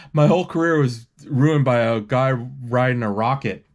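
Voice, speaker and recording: A man casually retelling a movie scene by scene, rambling with restarts and quick acted quotes. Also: medium pitch, darkish tone.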